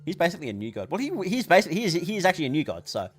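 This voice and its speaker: A man's voice: on the high side, sing-song, racing. Sex: man. Role: tired livestream host. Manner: rambling, swearing, laughing often. Behind: faint music. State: tired, voice weakening. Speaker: livestream host answering chat. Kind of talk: casual chat, reading viewer questions.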